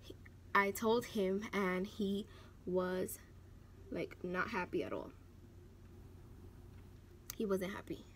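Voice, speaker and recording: A young woman vlogging about her life, telling a personal story in an emotional, animated way, full of "like" fillers and acted-out quotes. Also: medium pitch, slow pace, long pauses, a little hiss or hum.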